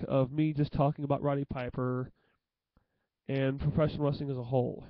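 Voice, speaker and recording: A young man talking to the camera in an emotional tribute monologue, halting and often repeating himself. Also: mid-range voice, little pitch movement, no room sound, lo-fi sound. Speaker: vlogger.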